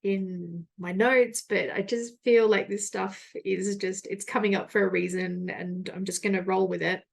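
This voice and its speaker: A woman's voice: mid-range voice, fairly even intonation, moderate pace, vocal fry. Brief: woman in her thirties, solo podcast host, candid and rambling, self-mocking, frequent laughter.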